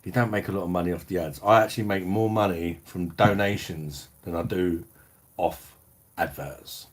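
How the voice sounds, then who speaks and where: A deep-voiced British man, middle-aged, hosting a casual beer livestream from home. He talks bluntly, peppers his chat with swearing and slang, and answers viewer comments as they come in. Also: normal speed. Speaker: beer review livestream host.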